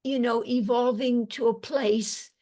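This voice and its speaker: An older woman, a psychiatrist, hosting a live webinar Q&A, reading chat comments aloud with effusive thanks and halting restarts over a video call. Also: on the high side, fairly even intonation, dark tone.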